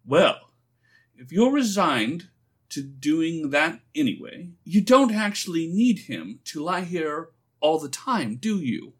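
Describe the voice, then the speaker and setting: Man reading as a scheming young man, persuasive, patient, unhurried, slightly husky. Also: a little high, big pitch swings, pitched above the performer's own voice, heavily acted. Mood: coaxing. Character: sly, smooth-talking young man, a scheming friend.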